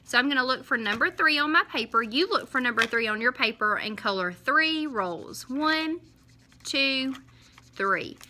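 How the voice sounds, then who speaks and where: A woman teacher, talking young children through a lesson in a slow, sing-song way and stretching out each syllable when she counts. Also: high voice, expressive, sharp tone.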